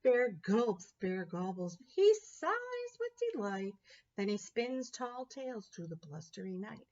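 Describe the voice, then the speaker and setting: A woman reading a picture book aloud in a slow, sing-song storytelling manner. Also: mid-range voice, very animated, darkish tone, dull audio. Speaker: storybook reader.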